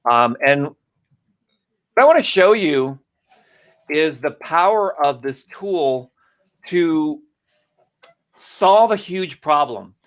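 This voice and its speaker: A man's voice: fairly high pitch, takes it slowly, long pauses. A man co-hosting a live marketing broadcast, talking casually and greeting viewers by name. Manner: animated, salesy, addresses viewers by name. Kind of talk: casual live-stream presentation.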